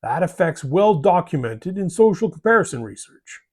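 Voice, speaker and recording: A man's voice: high-pitched, big pitch swings, normal speed, darkish tone. A man hosting a hobby channel, delivering a scripted monologue in a folksy way, ending lines with "eh?" and "bud".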